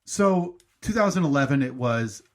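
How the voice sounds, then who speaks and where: A podcast co-host in his thirties tells a long story in a loose, rambling, self-deprecating way. His voice is mid-range and animated, with a moderate pace.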